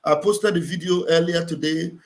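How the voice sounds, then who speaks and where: A man with a higher-pitched voice hosts a livestream, speaking at normal speed in a steady tone through a computer mic. A political commentator, he delivers impassioned, preachy commentary that is emphatic and repetitive.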